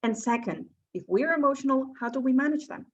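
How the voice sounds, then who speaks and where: A woman's voice: sits high, animated, brisk, lo-fi sound. Woman coach leading a workshop. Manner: asks the audience questions, explanatory. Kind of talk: presenting a workshop talk.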